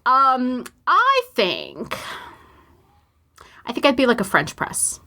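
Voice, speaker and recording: A young woman co-hosting a podcast, her bright voice slightly high and swinging widely in pitch. She chats loosely, laughing often and filling pauses with ums and likes. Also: wildly swooping pitch, gravelly. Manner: laughing, chatty, lots of fillers. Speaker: podcast co-host. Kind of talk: casual chat.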